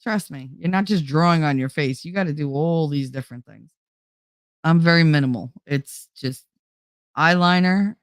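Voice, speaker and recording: A woman's voice: low-pitched, clear, resonant tone, no room sound. Woman, 40s, host: blunt and profane casual storyteller, dry close sound.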